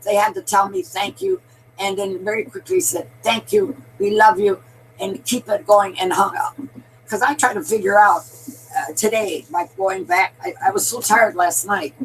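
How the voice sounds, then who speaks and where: A woman's voice: mid-range voice, fairly bright tone, a little hiss or hum, rough recording. An older woman giving a rambling, emphatic political monologue, addressing listeners as her darlings. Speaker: political commentator.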